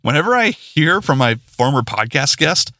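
Excitable male podcast host, lively pitch, dry close-mic sound, rambling and self-deprecating. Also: moderate pace, no room sound. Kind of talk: casual solo podcast sign-off.

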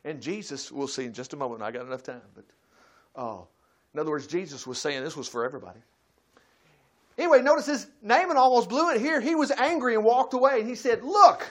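Folksy high-voiced preacher. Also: male voice. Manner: folksy, swings from loud bursts to quiet asides. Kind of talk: sermon.

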